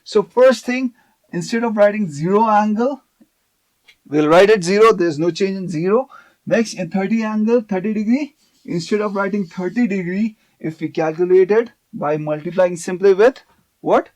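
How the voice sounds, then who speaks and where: High-voiced man teaching math. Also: moderate pace, darkish tone. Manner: explanatory, checks in with "okay" often. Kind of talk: video math lesson.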